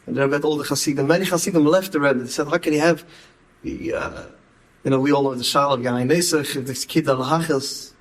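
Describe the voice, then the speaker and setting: Guy telling stories, animated, says things twice for emphasis. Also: medium pitch, fairly quick, rough recording. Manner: animated, repeats words for emphasis. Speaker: speaker. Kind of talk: storytelling talk.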